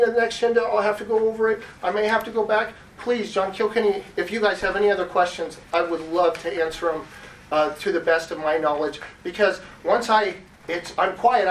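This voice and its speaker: A man's voice: fairly high pitch, a bit bright, far from the mic, slight background noise. A man giving public comment at a city meeting, rambling and repeating words as he restarts his sentences. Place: council chamber. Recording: echoey chamber heard from off-mic.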